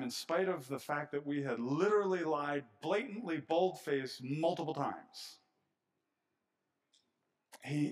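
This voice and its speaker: A middle-aged man preaching a sermon as pastor, animated and swinging between hushed and loud passages. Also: medium pitch.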